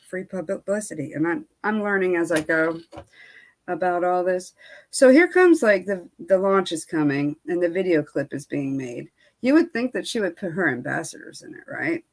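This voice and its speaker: A woman beauty vlogger telling a storytime in casual chat, candid and venting, with lots of fillers and quoted back-and-forth. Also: on the low side.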